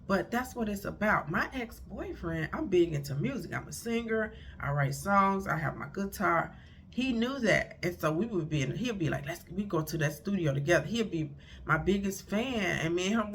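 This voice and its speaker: A woman's voice: lowish voice, a bit bright, slight background noise. A middle-aged woman, a marriage counselor, giving blunt, rambling relationship advice, recorded on her phone. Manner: chatty, blunt, rambling with self-corrections. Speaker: marriage counselor and life coach vlogger. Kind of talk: casual advice monologue to camera.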